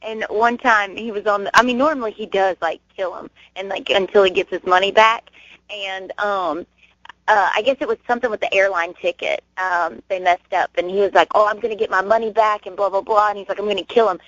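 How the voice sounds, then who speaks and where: A woman's voice: medium pitch, steady tone, brisk, fairly bright tone, dry recording. A young woman chats as a guest, laughing her way through long, rambling anecdotes. The sound is dull and dry, like an old web radio stream. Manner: giggly, rambling storyteller. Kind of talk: casual interview chat.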